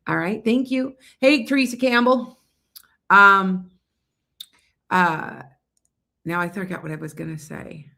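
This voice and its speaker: A woman's voice: mid-range voice, slow, creaky, pauses often, bright, forceful tone. A woman giving psychic readings on a casual livestream, chatting loosely and often losing her train of thought. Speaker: psychic reader.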